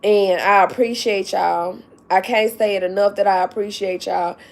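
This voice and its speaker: A woman's voice: medium pitch, fairly even intonation, moderate pace, vocal fry. A woman chatting on her livestream, emphatic and tearful with joy, calling her viewers "baby" and "y'all". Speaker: YouTube vlogger. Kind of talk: casual livestream chat.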